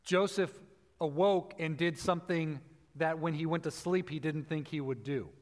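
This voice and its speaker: A man preaching a sermon, explaining scripture and slowing down to stress key phrases. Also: a little high. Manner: teaching, emphatic with slow stressed phrases. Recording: long hall reverb.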